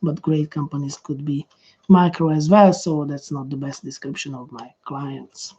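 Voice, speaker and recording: A man with a Hungarian accent, a business coach, rehearses his introduction to camera, trailing off and starting again with plenty of fillers. His voice is warm and mellow. The recording sounds dull and muffled. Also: fairly high pitch, fairly even intonation, breathy edge. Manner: halting, restarts with many fillers.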